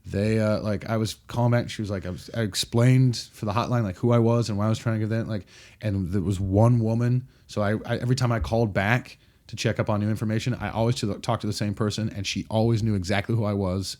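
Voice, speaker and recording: Man, 30s, podcast guest; low-ish voice, animated storyteller acting out quotes. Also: fast talker. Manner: animated, acts out quotes with restarts. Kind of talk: casual storytelling chat.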